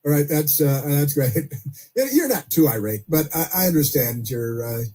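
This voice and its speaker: A male radio host with a slightly high, mellow tone and a husky edge. He talks in a loose, chatty way, chuckling and circling back over his words as he takes calls. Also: expressive, normal speed. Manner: chatty, chuckling, repeats himself. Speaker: radio talk show host. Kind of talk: political call-in radio talk.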